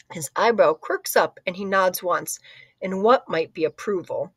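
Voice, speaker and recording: A woman's voice: lowish voice, a little slow, breathy edge, no room sound. A woman narrating a children's book in first person, conversational with occasional slips and asides. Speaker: audiobook reader.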